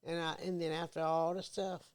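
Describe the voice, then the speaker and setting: A middle-aged woman, the host's mother, a podcast guest speaking calmly in short affirming phrases. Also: lowish voice, a little fast, clear, resonant tone. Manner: calm, brief, affirming. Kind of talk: casual chat.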